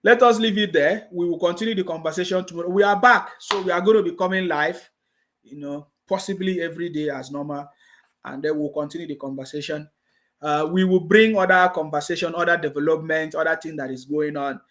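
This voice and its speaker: A man's voice: a little high, a little fast, a bit bright. A man with a Nigerian English accent hosting a live stream, reading viewer comments and scolding his critics with repeated mocking taunts. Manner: reads viewer comments aloud.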